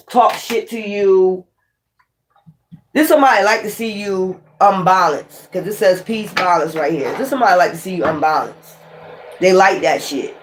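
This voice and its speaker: A woman reading tarot cards in loose, rambling street slang. She comes across blunt and exasperated, swearing freely as she talks through each card. Her voice sits at an ordinary middle pitch. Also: a little hiss or hum. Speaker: tarot reader.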